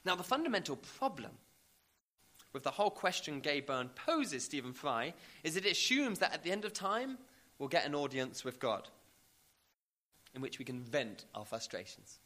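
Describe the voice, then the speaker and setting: A man's voice: a little high, big pitch swings, moderate pace, pushed and bright. A man preaching a sermon, emphatic, building to rising repeated questions.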